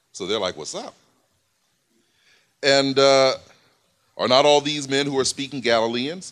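A man's voice: mid-range voice, fairly bright tone. A man preaching in a church, explaining scripture in a casual, conversational way with many fillers. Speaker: pastor. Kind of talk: sermon.

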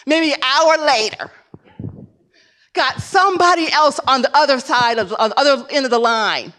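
A woman's voice: high-pitched, normal speed, bright, forceful tone. A woman preacher delivering a sermon with emphatic, repetitive exhortations.

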